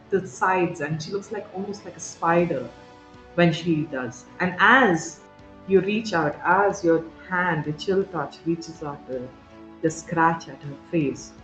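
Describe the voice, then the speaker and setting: A game master narrating a tabletop game with vivid, halting description, full of fillers and restarts. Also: medium pitch. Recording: roomy, dull sound, faint music.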